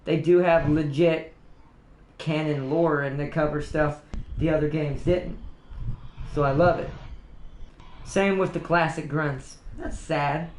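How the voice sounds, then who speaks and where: A male streamer with a high voice rambles through casual gaming chat, enthusiastic and quick to laugh. His voice echoes around the room he records in, which gives it a hollow, roomy ring. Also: fairly even intonation, a little mellow, slight background noise. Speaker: streamer host.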